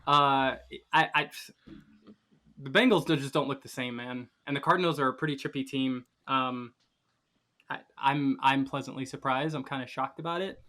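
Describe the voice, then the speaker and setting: A man's voice: mid-range voice, steady tone, normal speed, sharp tone. A man co-hosting a casual sports podcast, teasing and ribbing the other hosts. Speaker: podcast co-host.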